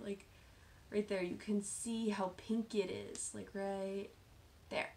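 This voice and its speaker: A woman's voice: mid-range voice, fairly even intonation, slow, creaky, pauses often, slight background noise. Chatty woman hosting a knitting show. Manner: chatty, self-deprecating, drops to soft asides. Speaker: knitting podcast host. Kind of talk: casual show-and-tell chat.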